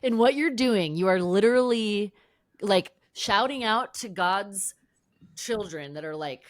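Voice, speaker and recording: A woman's voice: medium pitch, lively intonation, a little slow, no echo. Enthusiastic woman podcast host, dry sound. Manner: enthusiastic, emotionally reactive. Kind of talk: casual chat.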